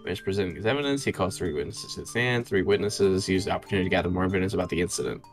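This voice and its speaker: A man on a live stream reading and summarizing game text aloud in a quick, relaxed way. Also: low voice, soft background music. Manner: quick skimming read, relaxed. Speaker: co-player reading along. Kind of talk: casual live-stream chat.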